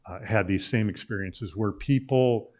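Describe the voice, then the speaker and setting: Low-voiced man spinning a rambling anecdote. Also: normal speed, a little mellow. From Illinois, US. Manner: rambling anecdote with many "uh" fillers and restarts. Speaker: guest, sports journalist. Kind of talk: casual storytelling in a talk interview.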